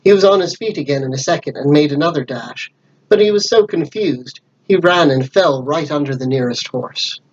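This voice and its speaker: A man's voice: on the high side, moderate pace, muffled recording. Man reading a storybook aloud. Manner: lively character voices.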